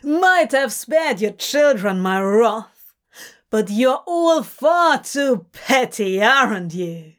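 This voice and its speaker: A woman voicing a theatrical, cheeky male demon who gloats and teases in a booming, drawn-out way. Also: very animated. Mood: gloating menace. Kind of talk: audiobook fanfic reading.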